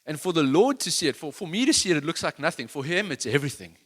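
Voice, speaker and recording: A man's voice: on the high side, very animated, quick pace. A man preaching a sermon in an earnest, conversational, self-deprecating way, with many restarts. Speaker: worship leader giving a sermon.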